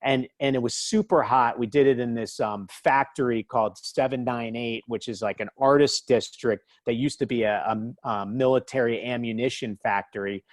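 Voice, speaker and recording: Animated man telling stories, dry sound. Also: mid-range voice, normal speed, few pauses, no room sound. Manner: animated, acts out quotes in raised voice. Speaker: interview guest, author. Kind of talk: casual storytelling.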